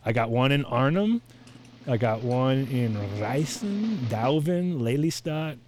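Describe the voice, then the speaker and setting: A man's voice: medium pitch, animated, slow pace, a little mellow, slight background noise. A man hosting a podcast in casual chat, brash and playful, rattling off lists and teasing his co-hosts. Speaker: podcast host.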